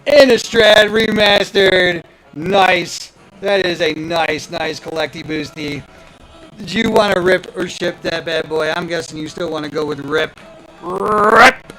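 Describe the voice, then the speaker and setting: A man's voice: a little high, low-quality recording. A man hosting a live card-opening stream, hyped and playful, talking straight to his viewers. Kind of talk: excited live stream chatter.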